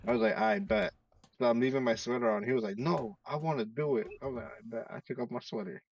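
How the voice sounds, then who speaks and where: Gravelly, lively man telling a story. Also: mid-range voice, racing, distant mic, highs cut off, a crowd in the background. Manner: animated storytelling, acting out quoted lines. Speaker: storyteller among friends. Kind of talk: casual chat.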